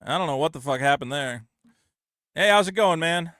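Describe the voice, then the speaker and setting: A man hosting a call-in podcast, talking in a loud, profane, ranting way on a close studio mic. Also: fairly high pitch, expressive, moderate pace, dry recording. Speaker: podcast host. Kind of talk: casual call-in chat.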